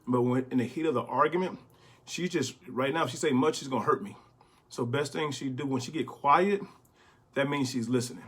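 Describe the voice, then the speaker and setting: Husky-voiced middle-aged man bishop. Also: medium pitch, a little fast. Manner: relaxed, conversational, plainspoken. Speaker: bishop, co-host. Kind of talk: casual advice to married couples.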